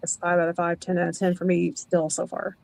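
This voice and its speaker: Book club member, woman, low gravelly voice, measured and reflective. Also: monotone, a little mellow, slight background noise, rough recording. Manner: thoughtful, builds points slowly with many "like"s. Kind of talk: casual podcast discussion. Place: remote video call.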